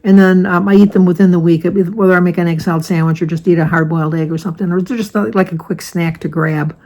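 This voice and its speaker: A woman's voice: lowish voice, steady tone, fast, warm tone, rough recording. Older woman from the US, casual vlog chat, rambling and self-correcting. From United States. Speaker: vlogger.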